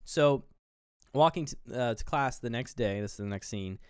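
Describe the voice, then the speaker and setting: Male podcast co-host, mid pitch, loose filler-heavy movie recap, dry close mic. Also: moderate pace, clear, resonant tone, dry recording. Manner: retells scenes, briefly voicing characters.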